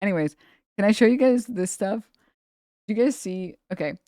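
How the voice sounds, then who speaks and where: A woman's voice: mid-range voice, expressive, moderate pace, dark tone, no room sound, clean studio sound. A young adult woman hosting a live stream, chatting casually in slangy, profane, irreverent banter. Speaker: streamer host.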